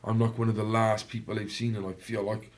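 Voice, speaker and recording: A Welshman with a Cardiff accent speaks somewhat low in a level tone and at a fairly quick pace. He's a podcast guest telling a story in blunt, casual language packed with swearing, acting out what other people said.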